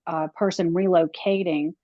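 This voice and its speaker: A woman's voice: on the low side, fairly even intonation, normal speed, dry recording. A woman working as a relocation guide, talking casually in an interview, chatty with frequent restarts and laughter. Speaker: real estate relocation guide. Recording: dry, dull lo-fi audio.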